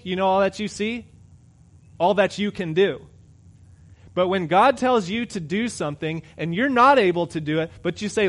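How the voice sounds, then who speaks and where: A middle-aged pastor preaching a sermon, conversational, swinging between loud emphatic lines and quiet asides. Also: male voice, sits high.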